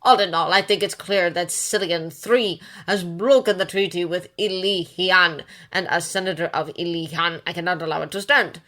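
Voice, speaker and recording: A woman's voice: lowish voice, fairly even intonation, moderate pace, hardly any pauses, sharp tone. A woman voicing an insistent male alien senator with a nasal voice.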